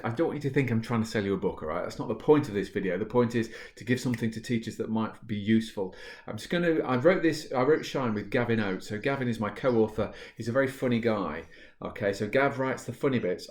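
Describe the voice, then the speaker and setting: A man who writes about positive psychology, talking casually to teachers and then reading a story passage aloud in a relaxed, storytelling way. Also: on the low side. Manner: relaxed and chatty with fillers, reading at an easy, storytelling pace. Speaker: positive psychology author and speaker. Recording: roomy, echoey room.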